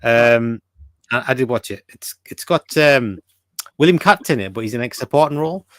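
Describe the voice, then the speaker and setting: A man's voice: medium pitch, expressive, normal speed, a bit bright, no echo. A man hosting a casual podcast, reading viewer comments aloud and talking with many fillers and restarts. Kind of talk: casual chat.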